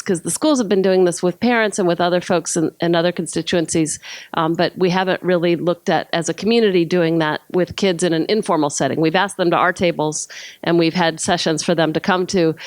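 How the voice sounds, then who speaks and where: A woman's voice: lowish voice, no room sound. A woman community leader reporting back at a conference, speaking thoughtfully and searching for her words. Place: conference room.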